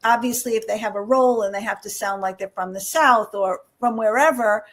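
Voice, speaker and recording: A woman's voice: medium pitch, fairly quick. A woman in her seventies hosting a radio interview, chatty, putting in frequent agreeing interjections. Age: 70s. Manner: chatty, with many affirming interjections. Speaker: radio host. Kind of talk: interview chat.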